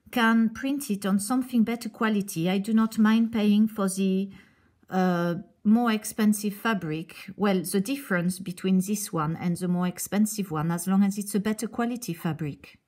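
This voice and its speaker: A woman's voice: mid-range voice, steady tone, normal speed, darkish tone. A woman on a speakerphone call to a company, muttering wry asides and then speaking politely but firmly. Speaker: customer phoning a company. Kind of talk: vlog of a customer service call.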